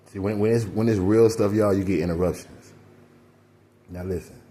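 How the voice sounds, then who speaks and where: Deep-voiced man preaching casually. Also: moderate pace, dark tone. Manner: preachy, rambling, addresses listeners as y'all. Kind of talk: casual spiritual monologue.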